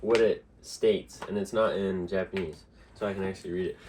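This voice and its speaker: A man's voice: deep voice, steady tone, brisk, background noise. A young man joining a friend's vlog, bantering bluntly and jokingly and calling people bro. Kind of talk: casual banter.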